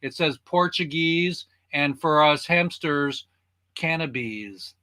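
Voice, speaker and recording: A man's voice: fairly high pitch, takes it slowly, bright, forceful tone. A man hosting a casual online talk show, chatting with his guests in a folksy, enthusiastic way. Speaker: host. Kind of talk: casual chat.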